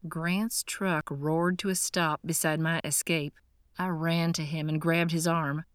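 A woman reading a first-person audiobook in a measured, tense, earnest way, close to the mic. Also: low voice, level tone, clean tone, dry recording. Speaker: audiobook narrator.

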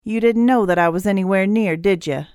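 A woman's voice: medium pitch, brisk, a little mellow, clean tone, no echo, studio quality, lightly acted. A woman reading an audiobook voices a ruthless, scheming male killer who talks in a cold, gloating way. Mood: resentful.

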